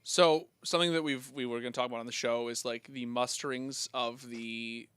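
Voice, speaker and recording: A man with a bright, forceful voice talking loosely on an esports podcast, with swearing sprinkled in. The sound is dry and close to the mic. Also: medium pitch, fairly even intonation, clean tone, no room sound. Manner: swears casually, quick and loose. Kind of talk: casual esports chat.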